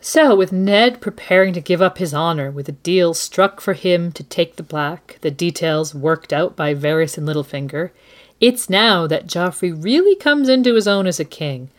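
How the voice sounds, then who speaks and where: A woman's voice: on the low side, normal speed. A woman co-hosting a book discussion podcast, narrating expressively and reading quotes aloud. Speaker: co-host.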